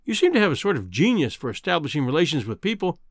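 A man's voice: a little high, big pitch swings, fast talker, no echo, studio quality. A man voicing a kindly, fussy old Scottish newspaper editor in an audiobook.

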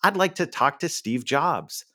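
A man's voice: on the high side, lively intonation, a little slow, pushed and bright, dry recording, studio quality. A Canadian man with a Canadian accent, a podcast guest talking about running businesses in an upbeat, emphatic way. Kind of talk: conversational interview.

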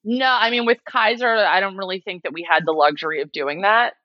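A woman's voice: mid-range voice, fairly quick, no echo. A young adult woman telling a personal story in a casual interview, animatedly mimicking the people she quotes. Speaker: guest. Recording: slightly dull lo-fi sound.

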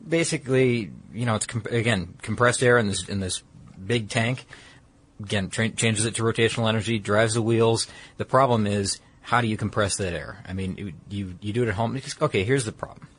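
A man's voice: on the low side, fairly even intonation, fairly quick, fairly bright tone, slight background noise. A man explaining a technology in casual conversation, rambling and correcting himself with many fillers.

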